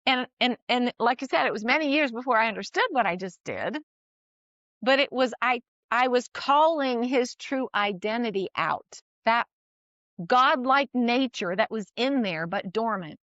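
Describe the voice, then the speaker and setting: A middle-aged woman tells a personal story in relaxed conversation, with a slightly high voice. She is animated and often restarts her sentences, with bits of laughter in between. The sound is dry and a little dull. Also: normal speed, dry recording. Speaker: guest sharing a parenting story.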